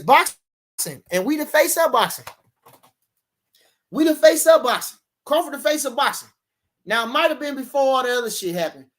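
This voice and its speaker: A man's voice: high voice, bright, forceful tone. Brash, emphatic man ranting on a livestream. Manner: boastful, profane and emphatic, repeating lines for stress; loose and rambling, with restarts and many fillers. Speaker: livestream host. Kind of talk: live-stream rant answering chat.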